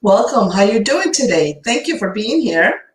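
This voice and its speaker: A woman's voice: mid-range voice, sing-song, moderate pace, reverberant, low-quality recording. A woman hosting a radio show and podcast, effusive and upbeat, with many fillers and restarts.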